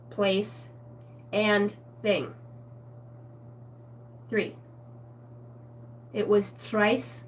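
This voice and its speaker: A woman giving a rambling spiritual tarot reading, excitable and swearing constantly in a stream-of-consciousness flow. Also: mid-range voice, far from the mic, a little hiss or hum. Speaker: tarot reader.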